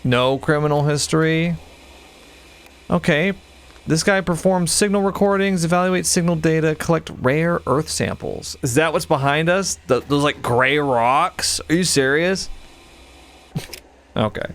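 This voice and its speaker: A man in his forties commentating a horror game, joking and reading its text aloud, with sudden high-pitched outbursts. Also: a little slow, a bit bright. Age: 40s. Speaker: gaming video host. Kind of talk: casual let's play commentary.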